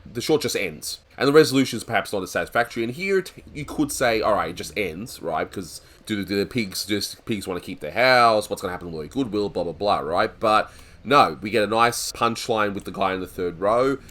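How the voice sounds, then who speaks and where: A man's voice: fairly low pitch, fairly bright tone. A man hosting a cartoon review, chatting casually and laughing often as he talks. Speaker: host of a cartoon review show.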